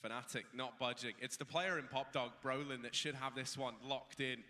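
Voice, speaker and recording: Man, esports color commentator, sharp bright tone, analytical, long hall reverb. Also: medium pitch. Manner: measured analysis that rises into excited calls.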